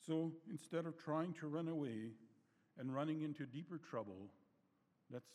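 Gentle preacher with a mellow voice. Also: male voice, fairly high pitch. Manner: gentle, unhurried, quotes scripture in old-fashioned wording; trails off softly at the end of phrases. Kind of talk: sermon. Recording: long hall reverb.

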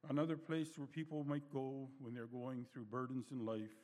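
A man preaching a sermon in a gentle, unhurried way, reading scripture in old-fashioned wording and letting his phrases fade softly at the end. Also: medium pitch, flat delivery. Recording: long hall reverb.

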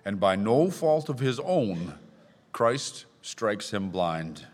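A man's voice: on the low side, big pitch swings, slow pace. Preaching man in a reverberant church. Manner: reads scripture aloud with rising emphasis. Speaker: pastor. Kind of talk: sermon. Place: church sanctuary. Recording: long hall reverb.

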